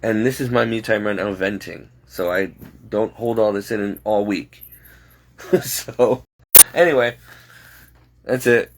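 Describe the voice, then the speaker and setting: A man's voice: lowish voice, slow, long pauses, a little hiss or hum. A man, a home caregiver, rambling and exasperated as he vents in a late-night vlog. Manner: talking to himself, restless and frustrated.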